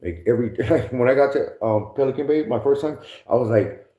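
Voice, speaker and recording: Telling prison stories as a podcast guest, this man speaks fairly quickly in a warm, medium-pitched voice. His casual storytelling is heavy on slang and profanity, with frequent laughter and mimicry, and the audio is echoey, dull and lo-fi.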